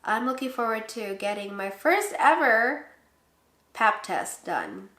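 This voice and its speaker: A woman's voice: fairly high pitch, animated, slow pace, bright, forceful tone. A young woman in her twenties from the Philippines, casually chatting to camera in a vlog, laughing often and acting out quotes. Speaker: pregnancy vlogger. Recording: echoey room.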